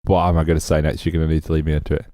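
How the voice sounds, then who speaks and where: A man's voice: extremely low pitch, level tone, racing, mellow, no echo, clean studio sound. A man co-hosting a podcast, chatting casually with jokes and puns. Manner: jokey, punning, teasing. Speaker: podcast co-host. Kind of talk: casual chat.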